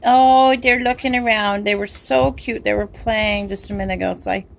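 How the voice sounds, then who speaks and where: A woman's voice: medium pitch, steady tone, moderate pace, gravelly. A woman filming her puppies at home on a handheld camera, cooing at them in baby-talk. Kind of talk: home video narration.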